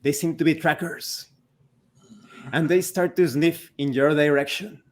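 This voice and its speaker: A man narrating a tabletop game as game master, slow and deliberate. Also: fairly high pitch, steady tone.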